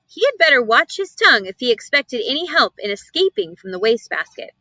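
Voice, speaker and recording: Woman reading a kids book aloud, lively pitch, bright dry sound. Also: brisk, dry recording, rough recording. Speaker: reader. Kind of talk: storybook read-aloud.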